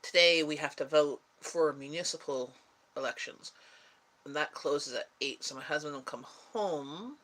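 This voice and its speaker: Tired, rambling woman. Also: sits low. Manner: rambling, relaxed, chatty with pauses. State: tired and yawning. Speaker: livestream host chatting with viewers. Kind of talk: casual live-stream chat.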